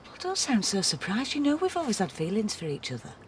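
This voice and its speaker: A woman's voice: medium pitch, wildly swooping pitch, a little hiss or hum. An actress playing a woman who confides to a friend that she is getting back together with her ex. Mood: confiding. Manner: dreamy, confiding, quick. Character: woman reuniting with her ex-husband.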